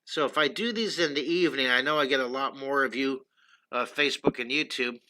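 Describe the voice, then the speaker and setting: A man's voice: medium pitch, a little fast, pushed and bright, a little hiss or hum. An older man hosting a casual livestream drawing lesson, chatty and enthusiastic, greeting viewers by name while he draws. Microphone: computer streaming setup.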